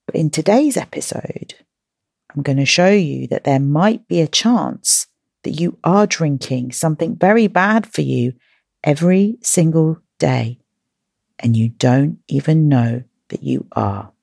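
Playful woman coaching children, lively voice. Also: low voice, measured pace, creaky, husky, no room sound, studio quality. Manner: warm encouraging, playful, asks questions. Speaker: children's podcast host and coach. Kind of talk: upbeat podcast talk to children.

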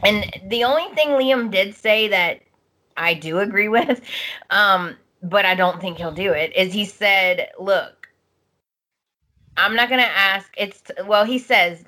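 A woman's voice: mid-range voice, pushed and bright. A young adult woman co-hosting a podcast, chatting casually and acting out lines as she recaps. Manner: slow, chatty, acts out lines in changing voices. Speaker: podcast co-host. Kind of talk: casual chat recapping a soap opera.

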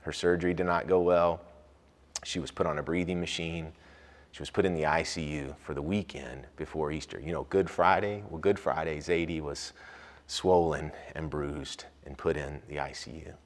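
A man preaching a sermon as a pastor, rising to loud emphatic peaks and dropping back low. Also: steady tone, moderate pace. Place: church sanctuary. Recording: long hall reverb.

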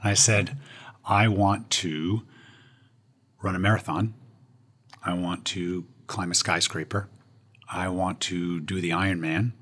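A man with a husky voice sits in as an interview guest and tells his own story with humor. His voice sits on the low side, and he lands his punchlines with self-mocking timing. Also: steady tone, slow, long pauses, a bit bright. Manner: self-deprecating, punchline delivery.

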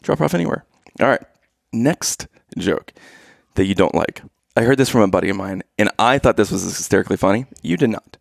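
Here a husband trades dad jokes with his wife, chuckling at his own punchlines in a relaxed, playful way. He speaks a little fast in a gravelly voice on the low side, captured in clean studio sound without any room noise.

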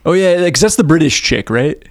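Male co-host, relaxed rambling movie chat, filler-heavy, dry close mic. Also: on the high side, brisk, dry recording. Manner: laid-back, leans on filler "like", laughs often. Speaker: podcast co-host.

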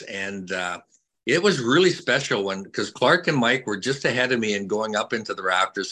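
An older man, a retired hockey player, talks casually with fans in a lowish voice, captured on a rough recording. He's a warm storyteller who repeats words and leans on lots of fillers.

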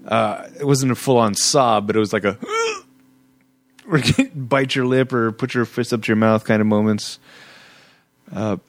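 A man hosting a casual movie podcast, talking in halting bursts with many restarts and frequent laughs. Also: medium pitch, sing-song. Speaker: podcast host. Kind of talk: casual movie review chat.

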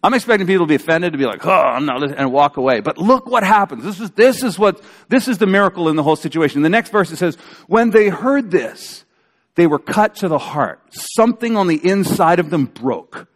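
A man preaching a sermon as a pastor, in a conversational, animated storytelling way with acted-out quotes. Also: sits high, brisk. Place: church sanctuary. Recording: church hall reverb.

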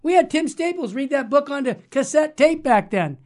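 Fighting a cold, a man hosts a Catholic radio talk show, addressing listeners directly in an upbeat, preachy way. His voice is very high and darkish in tone, with lively intonation at a moderate pace.

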